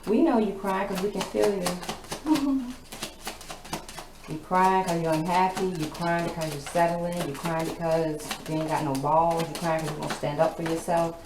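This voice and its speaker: A woman's voice: fairly low pitch, steady tone, moderate pace. Blunt, profane woman reading tarot. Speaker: tarot reader. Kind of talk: casual tarot reading to camera. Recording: echoey room with background noise.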